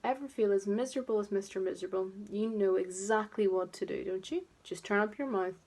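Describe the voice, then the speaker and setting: A woman teacher reading a picture book aloud to toddlers, expressive and gently coaxing. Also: medium pitch, brisk. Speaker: preschool teacher.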